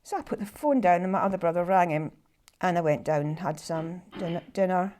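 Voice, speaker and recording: A Scottish woman telling a personal story to a live audience, halting and repeating herself with deep feeling. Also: a little mellow, slight background noise. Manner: halting, repetitive and heartfelt.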